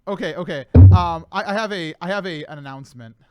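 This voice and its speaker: A male host with a high voice, recorded bone-dry and close. He chats casually and gets excitable, laughing easily between lines. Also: brisk, smooth, no room sound, lo-fi sound, soft background music. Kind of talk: casual chat.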